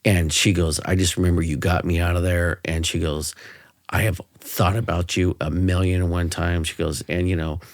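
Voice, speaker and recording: Middle-aged male host, low, dry close sound, candid storyteller. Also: flat delivery, normal speed, no echo. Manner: candid, folksy, emotional when recalling. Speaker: podcast host, former police officer. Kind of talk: conversational interview, storytelling.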